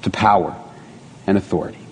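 A middle-aged male pastor preaches a sermon conversationally, tossing rhetorical asides to the congregation. His deep voice moves briskly, with a little hiss or hum in the recording and the long reverb of a church hall.

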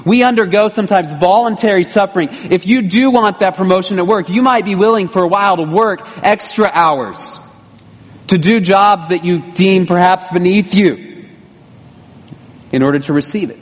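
A middle-aged man with a somewhat high voice delivers a sermon as pastor. He keeps it conversational, with rhetorical asides. His voice rings out with the long reverb of a church hall. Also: moderate pace.

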